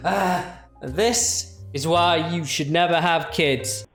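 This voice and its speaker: A man's voice: a little high, slow, fairly bright tone, soft background music. A young man giving chatty, mocking reaction commentary on video clips. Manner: chatty, jokey, mocking asides.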